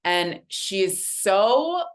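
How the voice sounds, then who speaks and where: A woman, a guest artist, telling a lively story while reading oracle cards, with a casual, conversational manner and frequent fillers. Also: medium pitch, extremely slow. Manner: animated, conversational, many fillers.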